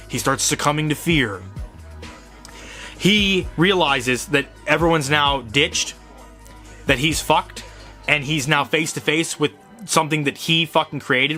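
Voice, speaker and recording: A young man hosting a show, giving a profane, rambling, excitable fanboy review of horror movies. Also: fairly high pitch. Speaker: host.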